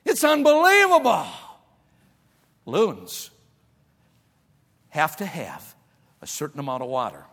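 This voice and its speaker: A pastor preaches with a high voice, telling folksy stories to his congregation. He moves between quiet asides and shouted emphasis. His voice carries a long reverb from a large church hall. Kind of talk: sermon.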